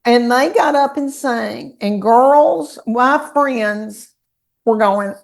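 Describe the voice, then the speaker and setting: Gravelly-voiced Southern woman storyteller. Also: fairly high pitch, slow pace. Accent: Southern American. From Southern US, Tennessee. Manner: animated, folksy storyteller. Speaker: comedian guest. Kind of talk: casual storytelling chat.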